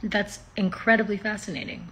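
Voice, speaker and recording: A woman's voice: mid-range voice, fairly even intonation, brisk, a bit bright, slightly rough. A woman chatting casually on a phone livestream from home, rambling, swearing freely and laughing often.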